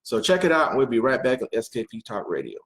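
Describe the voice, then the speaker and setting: A man hosting talk radio at an ordinary middle pitch, chatting through announcements and topics in a loose, unscripted way. He leans on "um" and "uh" as he goes. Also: sing-song, fast, a bit bright. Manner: loose and unscripted, with frequent "um" and "uh" fillers.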